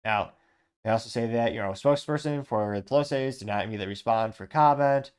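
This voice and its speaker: A man's voice: on the low side, quick pace. A man hosting a political news commentary show, reading quotes and adding sarcastic asides.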